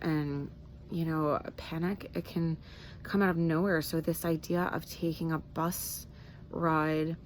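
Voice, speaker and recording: A woman's voice: sits low, a little hiss or hum. A woman in her thirties talking candidly in a casual personal vlog, rambling with fillers and restarts. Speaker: vlogger.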